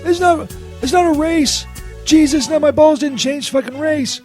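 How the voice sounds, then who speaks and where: A man's voice: very high-pitched, moderate pace. A man voicing a whiny, beaten-up male saint who swears, stammers and is constantly baffled, in a comedy radio bit. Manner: profane, stammering, bewildered. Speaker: co-host. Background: loud music.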